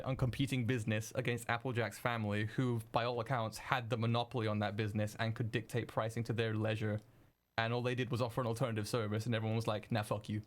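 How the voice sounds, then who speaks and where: A young man streaming while he edits video, chatting casually with viewers, excitable and swearing freely. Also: lowish voice. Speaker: streamer editing video live. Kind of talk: casual live-stream chat.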